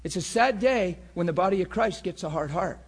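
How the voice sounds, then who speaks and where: A man preaching a sermon with passion, moving between loud bursts and hushed, intense talk. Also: high voice, expressive, fairly quick, gravelly, slightly rough.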